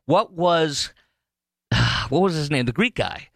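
A man's voice: a little high, expressive, takes it slowly, creaky, fairly bright tone, no echo. A man hosting a political talk show, delivering a heated, rambling monologue full of restarts and fillers. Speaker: talk radio host.

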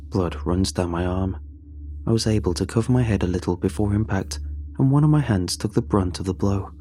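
A man with a fairly low voice narrates a tense story in the first person, reading in a measured, steady way. Faint music plays softly behind him. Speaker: audiobook narrator.

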